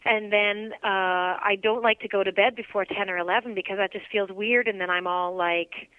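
A woman's voice: mid-range voice, fairly even intonation, brisk, no room sound. A woman co-hosting a podcast in casual chat, bubbly and teasing, laughing often. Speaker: podcast co-host and radio morning show host. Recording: tinny phone-like line.

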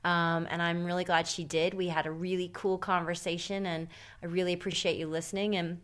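A woman's voice: fairly low pitch, flat delivery, a little fast, fairly bright tone, smooth. A woman hosting a podcast, chatting casually and candidly, rambling with lots of fillers. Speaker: podcast host. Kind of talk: casual chat.

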